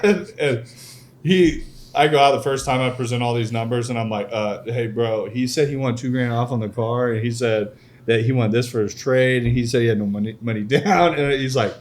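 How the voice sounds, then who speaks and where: A man's voice: mid-range voice, brisk. A young adult man hosting a podcast, telling stories in casual chat and laughing often. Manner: storytelling, laughs often, animated. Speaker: podcast host.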